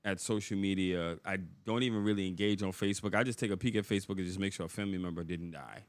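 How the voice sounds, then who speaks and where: A man's voice: deep voice, steady tone, fast talker, dry recording. A man co-hosting a podcast, talking in a laid-back, blunt and wry way. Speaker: podcast co-host. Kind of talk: casual podcast chat.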